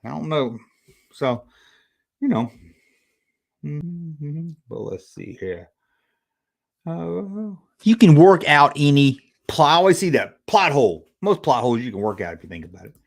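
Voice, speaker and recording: A man hosts a casual livestream review with a slightly high voice. He rambles from thought to thought, stopping to read messages from his viewers' chat. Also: expressive, measured pace, creaky, pauses often. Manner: rambling, reading chat aloud. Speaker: livestream host.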